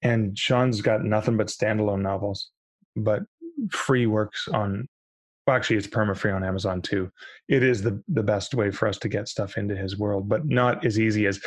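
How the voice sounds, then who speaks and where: A man talking casually as a podcast guest about book publishing, animated and fond of acting out little quoted voices. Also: fairly low pitch, normal speed, no room sound. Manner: animated, acts out quoted voices, frequent restarts.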